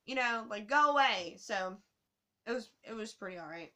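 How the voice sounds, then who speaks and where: A woman telling a travel story to her camera in a casual, animated way, swearing often. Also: medium pitch, normal speed.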